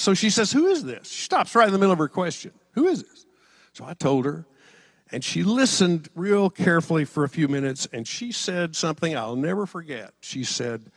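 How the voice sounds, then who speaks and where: A middle-aged male preacher tells stories from the pulpit in an easy, conversational way. His voice sits a little high and moves a lot, rising sharply when he quotes someone. The sound is dry and close. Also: no echo. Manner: conversational, storytelling, lively emphasis on quotes. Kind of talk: sermon with personal stories.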